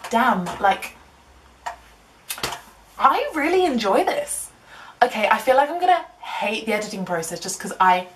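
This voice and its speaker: A woman's voice: medium pitch, background noise. A young woman chatting casually to camera in a rambling, giggly, self-mocking way. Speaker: vlogger.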